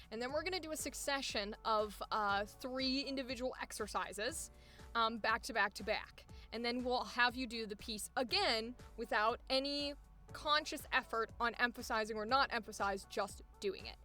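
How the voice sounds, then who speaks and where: High bright-voiced woman coach. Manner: energetic, emphatic, laughs often, swears casually. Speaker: voice acting coach. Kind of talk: coaching session.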